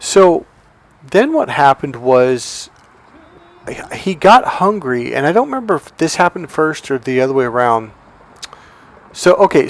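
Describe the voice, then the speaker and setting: A man, a dating coach, telling a rambling personal story in casual monologue, acting out other people in a high voice.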